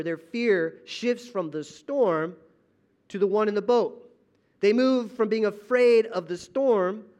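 Man pastor with a slightly high voice, preaching with dramatic loud-to-hushed swings in a church auditorium. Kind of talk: sermon.

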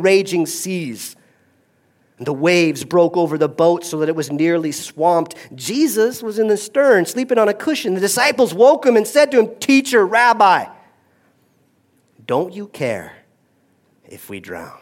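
Dynamic preaching man, fairly high voice. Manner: dynamic, swings from hushed to loud. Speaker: pastor. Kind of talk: sermon.

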